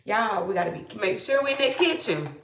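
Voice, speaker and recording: Chatty woman, gravelly, roomy. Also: medium pitch, expressive, brisk, distant mic, background noise. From Georgia, US. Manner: chatty, greets viewers by name, asks for likes. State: slightly hoarse after illness. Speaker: livestream host. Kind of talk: casual live-stream chat.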